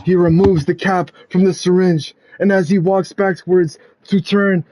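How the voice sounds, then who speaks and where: A man narrating a wrestling video game storyline in a dramatic play-by-play style, building to loud climaxes. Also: high voice, little pitch movement, a little slow, no echo.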